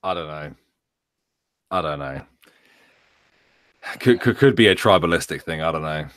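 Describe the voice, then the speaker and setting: A man's voice: rumbling low, lively intonation, normal speed, fairly bright tone, clear, resonant tone, no room sound, studio quality. A man co-hosting a casual political talk show, blunt and dismissive, often starting with hesitant repeated words. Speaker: co-host. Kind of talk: casual political commentary chat.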